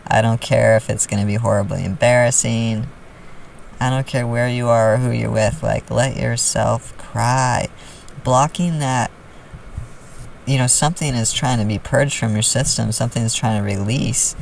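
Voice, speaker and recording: Man, gravelly voice, earnest confiding self-help vlog, a bit distant from mic, faint background hiss. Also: medium pitch, steady tone, normal speed. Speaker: vlogger. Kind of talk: casual self-help talk to camera.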